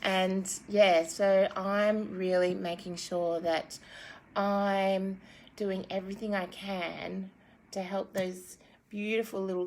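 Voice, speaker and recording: A spiritual guide and card reader in her thirties chats casually, giggling and rambling with lots of fillers, before leading a guided meditation. Her manner is gentle, her voice fairly low in pitch, and there's slight background noise.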